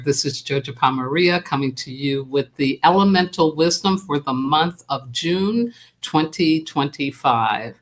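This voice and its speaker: A spiritual teacher hosts a live stream, talking casually and without hurry, with many pauses and fillers, and greets viewers by name. The voice is medium-pitched, with soft music in the background.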